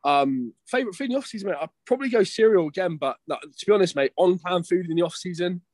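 A man's voice: sits high, animated, quick pace, a little mellow, no room sound. A young man chatting casually as a guest, rambling, swearing and calling everyone mate and bro. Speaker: guest, competing bodybuilder. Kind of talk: casual chat.

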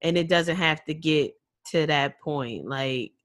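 A woman's voice: low-pitched, takes it slowly, no room sound, studio quality. A woman co-hosting a podcast, giving earnest, frank advice with casual swearing. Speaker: podcast co-host.

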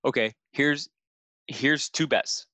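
A man from Canada co-hosting a podcast, talking in a measured, stats-minded way in casual chat. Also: mid-range voice, bright, forceful tone, dry recording. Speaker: podcast co-host.

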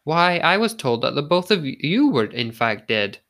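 A man's voice: fairly high pitch, big pitch swings, moderate pace, a bit bright. A man reading a storybook, voicing an earnest, courteous young man who speaks in polite, formal phrases.

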